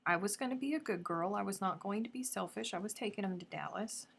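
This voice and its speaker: A woman hosting a casual live craft stream, chatting effusively and dropping now and then into soft murmurs. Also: mid-range voice, fast talker, creaky, breathy edge. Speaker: crochet livestream host.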